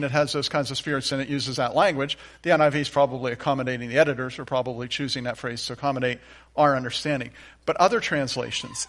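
A pastor preaching a sermon, reading scripture aloud with emphatic repeated refrains. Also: male voice, fairly high pitch, fairly bright tone.

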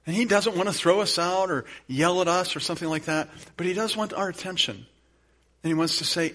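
A man pastor giving a sermon, telling a story in a casual conversational way before leading a soft prayer. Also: sits high, a little fast.

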